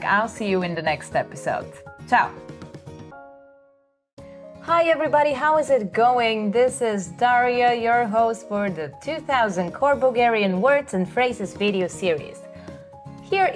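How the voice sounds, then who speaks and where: A woman hosting a vocabulary lesson, speaking slowly and clearly, prompting listeners to repeat words and encouraging them. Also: fairly high pitch. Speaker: language teacher host. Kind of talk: slow vocabulary drill lesson.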